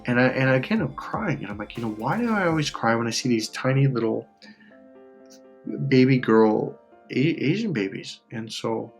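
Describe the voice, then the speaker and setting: A man talks in a rambling, heartfelt way, stopping to laugh and catch himself as he fights back tears. His voice sits at an ordinary middle pitch, and soft music plays faintly underneath. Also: lively intonation, normal speed. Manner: rambling, emotional, with frequent restarts and laughs. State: on the verge of tears. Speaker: life coach. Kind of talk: casual personal monologue.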